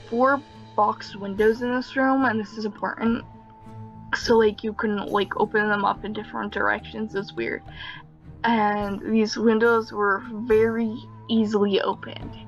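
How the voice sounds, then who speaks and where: A woman's voice: mid-range voice, vocal fry, dull audio. Chatty young woman telling a story. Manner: chatty, rambling, lots of fillers and nervous laughs. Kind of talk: casual story time narration.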